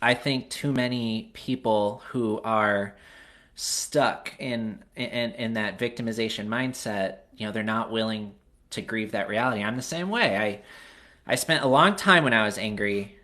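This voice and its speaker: Earnest male host, bright tone, reflective chat. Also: lowish voice, a little slow. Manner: earnest, reflective, laughs between thoughts. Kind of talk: candid personal conversation.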